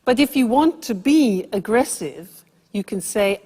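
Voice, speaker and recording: English teacher, woman, slow and deliberate, long reverb behind her. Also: a little high, animated, mellow. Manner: slow, clear teaching delivery. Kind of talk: language lesson explanation.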